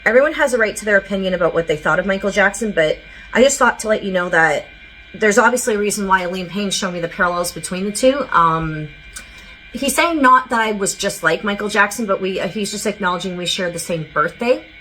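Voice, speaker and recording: A woman's voice: medium pitch, brisk, bright, forceful tone, a little hiss or hum, poor audio. A woman giving a casual psychic channeling reading to her viewers, chatty and rambling with lots of filler words and side notes.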